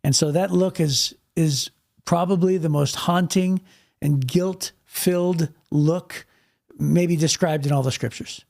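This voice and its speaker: A man's voice: a little high, steady tone, takes it slowly, gravelly, darkish tone. A man co-hosting a podcast, talking through a Bible story in a vivid, casual way, often repeating words and restarting. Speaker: podcast co-host.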